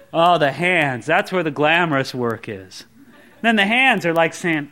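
A man preaching a sermon in a conversational, animated way, with joking asides. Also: a little high, a little slow.

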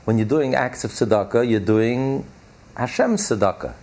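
A man leads a class, expounding a text with emphatic repetition and slowing down on the phrases he wants to land. His voice has a gravelly fry and a husky, slightly rough edge. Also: medium pitch, animated, a little mellow. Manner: emphatic, repeats key phrases slowly. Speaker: Torah class teacher.

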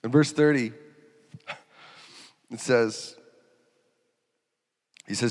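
A man preaching a sermon. He talks in an animated way, laughs, and acts out quotes in sudden loud, high bursts. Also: normal speed. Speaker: pastor. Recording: reverberant hall.

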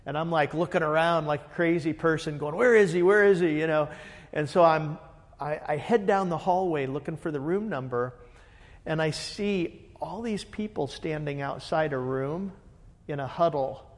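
A man, a pastor, telling a story in a lively way and acting out the dialogue. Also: fairly high pitch, moderate pace, long reverb tail. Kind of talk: animated storytelling.

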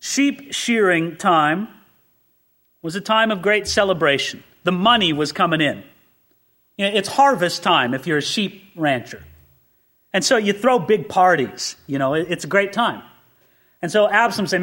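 A male pastor delivering a sermon in a high voice that swings widely in pitch. He leans on rhetorical questions and builds to emphatic peaks. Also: expressive, moderate pace, bright, forceful tone. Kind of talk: expository sermon.

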